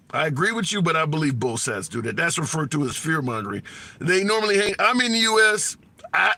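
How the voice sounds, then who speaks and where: A man's voice: on the high side, sharp tone, dry recording. A man hosting a casual livestream, blunt and colloquial, reading and answering comments. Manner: blunt, colloquial, laughs at his own jokes. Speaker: livestream host taking callers. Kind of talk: casual opinionated livestream chat.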